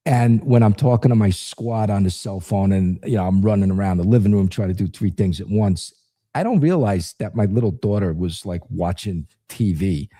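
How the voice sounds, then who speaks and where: A middle-aged man telling lively family stories in a casual interview, talking frankly and with some salty language. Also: on the low side, moderate pace. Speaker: podcast guest, former federal agent.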